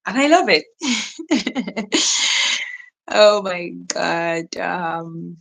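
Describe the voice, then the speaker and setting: Speaking slowly in a lowish, animated voice with some vocal fry, this young woman from Nigeria runs a relaxed live stream. She welcomes viewers by name, reads out their comments, and keeps tossing in "right?" and "you know", all over low-quality audio.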